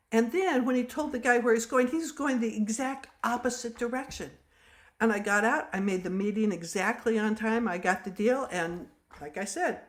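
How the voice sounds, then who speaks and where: An older woman giving a talk, telling personal stories with lively, acted-out dialogue. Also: medium pitch. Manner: animated, acts out dialogue in stories. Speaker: speaker. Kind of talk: storytelling talk.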